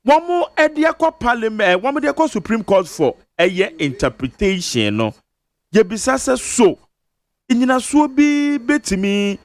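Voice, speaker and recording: Ghanaian guy hosting radio, high bouncy voice, dry studio sound, talks it through step by step. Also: dry recording. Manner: explains step by step, reads legal text with emphasis. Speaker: radio host. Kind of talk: radio talk-show discussion mixing Twi and English.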